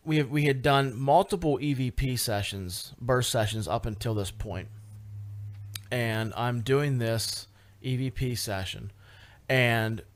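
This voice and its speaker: A man guest on a radio talk show, telling a paranormal investigation story in a casual, animated way with many fillers and restarts. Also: medium pitch. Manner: animated, lots of fillers and restarts, rising excitement.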